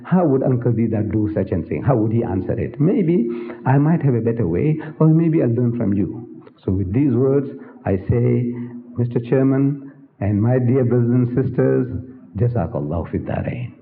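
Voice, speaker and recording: An older man from South Africa delivering a public religious lecture with a theatrical flair, asking rhetorical questions and acting out little dialogues. His voice sits in an ordinary male pitch. The old hall recording is thin and phone-like. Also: animated, moderate pace, a little hiss or hum. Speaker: guest lecturer. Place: large lecture hall with an audience.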